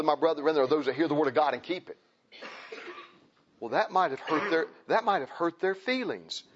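A man preaching a sermon, impassioned and repetitive, swinging from loud emphasis to quiet pleading. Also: medium pitch, creaky, slightly rough. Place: church. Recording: dull lo-fi recording.

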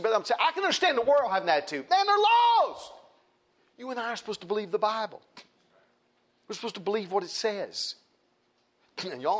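A man preaching a sermon, emphatic and repetitive, with folksy asides to the congregation. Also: on the high side.

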